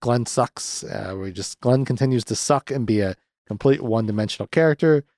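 A man's voice: medium pitch, a little fast, a little mellow, dry recording, clean studio sound. A young man hosting a podcast, recapping a film in a casual, sardonic way, swearing freely with lots of fillers. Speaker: podcast host reviewing a movie.

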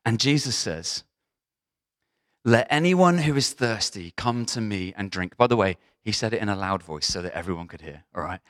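A man preaching a sermon as pastor, talking in a lively, conversational way with frequent asides to the congregation. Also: fairly low pitch, moderate pace.

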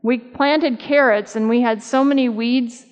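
A woman's voice: a little high, fairly even intonation, unhurried, clear, resonant tone. A woman in her fifties giving a conversational, humorous sermon at a church camp meeting, telling stories and asking the audience questions. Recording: dull sound with long hall reverb.

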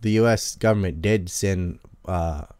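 A man with a fairly low voice, chatting casually as a podcast guest. He laughs between points and throws in quick asides, recorded dry and close with no room sound. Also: darkish tone, no room sound. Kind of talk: casual chat.

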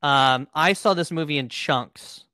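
A man co-hosting a podcast, chatting casually in a relaxed, hesitant way with many fillers. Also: on the high side, a little slow, dry recording. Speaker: podcast co-host. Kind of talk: casual chat.

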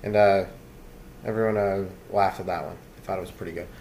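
A man's voice: low voice, fairly even intonation, a little fast, a little mellow. Rambling comedy podcast host, male, loose and meandering delivery, faint hiss behind him. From Canada. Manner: loose, meandering, full of fillers and asides.

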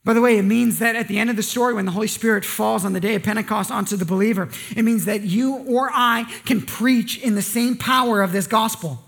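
A male pastor preaching a conversational sermon with joking asides and quick rhetorical questions. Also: high voice, gravelly, a bit bright.

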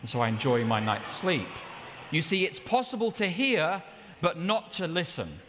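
A middle-aged man preaching a sermon, telling personal stories with lively rises in pitch. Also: moderate pace, noisy background. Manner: anecdotal, with animated rises in pitch. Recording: long hall reverb.

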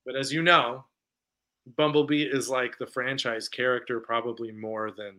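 A male podcast co-host with a bright voice reviews films in casual chat at a medium pitch and moderate pace. His retelling is animated and full of fillers, and he acts out lines from the scenes.

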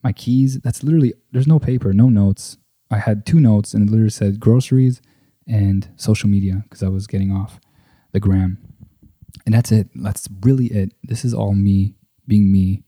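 A man's voice: fairly low pitch, moderate pace, warm tone, no echo. A young man hosting his own podcast in a casual, rambling monologue, swearing often and filling with "like" and "you know", close to a desk microphone at a table indoors. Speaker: podcast host. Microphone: desk microphone close to the mouth.

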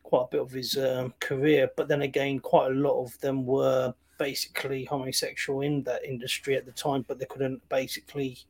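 A man's voice: medium pitch, little pitch movement, normal speed, few pauses, a little mellow. A man co-hosting a casual film chat, rambling with lots of fillers. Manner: rambling, many fillers like "you know", laughs easily.

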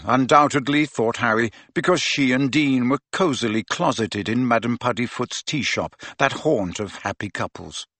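A man narrating an audiobook in an expressive reading voice. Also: medium pitch, no room sound. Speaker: audiobook reader.

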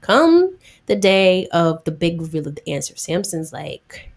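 A woman's voice: lowish voice, very animated, unhurried, creaky. A young woman retelling a Bible story in a chatty, slangy way, acting out the characters' lines.

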